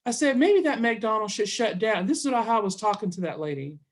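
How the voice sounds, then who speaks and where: A middle-aged Southern US woman, a chatty interview guest, tells a story quickly and animatedly in a mid-range voice, acting out both sides by quoting herself and others in dialogue.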